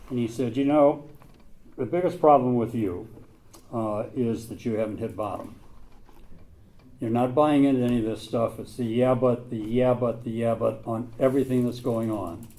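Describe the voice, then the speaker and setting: Telling his recovery story to a group, this older recovery meeting speaker talks straight and plainly, with a few mild curse words. His voice is mid-range and warm in tone.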